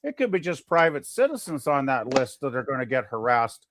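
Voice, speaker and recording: A man's voice: mid-range voice, sing-song, brisk, noisy background. A man co-hosting a podcast in casual chat, rambling with lots of fillers and restarts.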